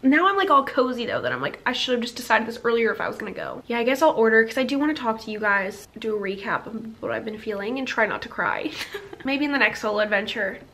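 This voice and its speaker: A young woman talking casually into a handheld phone camera as a travel vlogger, full of "like" and quick laughs, first walking by the seaside and then indoors. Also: a little high, animated, fairly bright tone, slight background noise. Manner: chatty, lots of "like", laughs often. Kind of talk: casual vlog chat. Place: out on a seaside walkway, then indoors at her rental.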